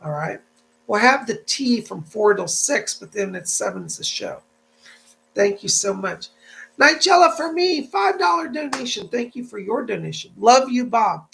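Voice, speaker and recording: A male psychic medium hosting a live stream, with a rough, gravelly voice that sits fairly high for a man. He swings up and down in pitch with lots of animation while he chats with viewers and passes on spirit messages. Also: sing-song, moderate pace, a bit bright, slight background noise, rough recording. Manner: chatty, relays spirit messages in a reassuring way; thanks viewers and reads out donations.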